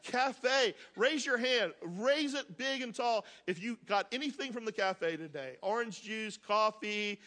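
High-voiced energetic man preaching. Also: unhurried, few pauses. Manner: energetic, joking, talks straight to the congregation. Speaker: pastor. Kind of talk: sermon. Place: church sanctuary with congregation.

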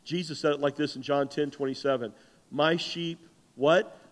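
A man preaching a sermon as pastor, animated and conversational, acting out the voices in the stories he tells. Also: on the high side, normal speed. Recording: long hall reverb.

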